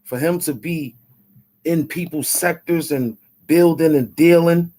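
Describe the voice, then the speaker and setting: A man's voice: a little high, fairly even intonation, a little slow, dark tone. A man hosting his own channel, taunting and repeating himself as he demands money he says he is owed. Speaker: YouTube show host. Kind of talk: confrontational rant to camera.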